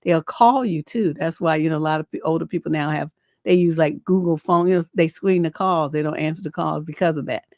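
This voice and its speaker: A woman's voice: low-pitched, brisk, darkish tone, no room sound, studio quality. A middle-aged woman hosting a relationship advice livestream, talking in a blunt, profane, rambling way full of fillers, and reading viewer letters aloud. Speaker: relationship coach and livestream host.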